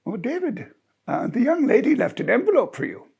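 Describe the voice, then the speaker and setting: A man's voice: very high voice, huge pitch swings, fairly quick, vocal fry, darkish tone, slightly rough, voice pushed up, heavily acted. A man doing an unflappable hotel bellman. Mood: easygoing. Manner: unflappable, easygoing. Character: calm, cool-headed hotel bellman.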